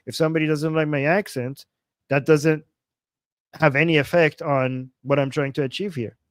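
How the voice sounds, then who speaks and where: A man's voice: fairly high pitch, steady tone, moderate pace, no echo. A man hosting a casual livestream in his non-native English, reading viewer comments and often restarting his sentences earnestly. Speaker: livestream host.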